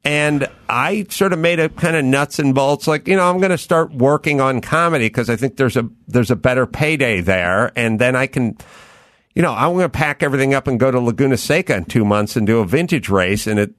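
A man's voice: medium pitch, brisk, a bit bright, no room sound. A middle-aged man hosting a podcast, telling a rambling, self-deprecating story on a close studio mic. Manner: rambling, self-deprecating, quotes his own thoughts. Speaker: podcast host. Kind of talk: casual storytelling chat.

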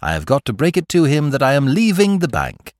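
A man reading the part of a suave, airy young gentleman who talks in elaborate, formal phrases. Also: fairly high pitch, wildly swooping pitch, brisk, dry recording, studio quality, voice pushed up.

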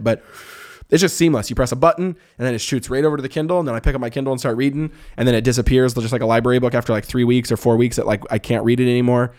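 Fast-talking rambling man podcast host. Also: mid-range voice, a little mellow. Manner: rambling, enthusiastic, many fillers and restarts. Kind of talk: casual chat.

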